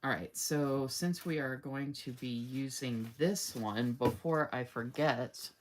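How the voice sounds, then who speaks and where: A woman hosting a casual live sticker showcase gushes enthusiastically over planner stickers, reads viewer comments aloud, and often says "oh my gosh." Her voice is very deep and her pace slow, with slight background noise.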